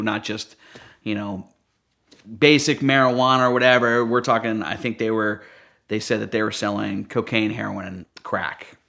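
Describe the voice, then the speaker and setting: A man who works as a police dog handler, telling stories in a casual, animated, wry way and acting out the dialogue. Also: fairly low pitch, vocal fry. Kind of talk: casual anecdotal storytelling.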